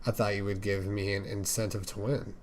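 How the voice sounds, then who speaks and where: A man reading the lines of a shy, earnest young male skater in a fan fiction, in a soft, gentle way. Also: fairly low pitch, flat delivery, a little fast, a little hiss or hum, natural voice.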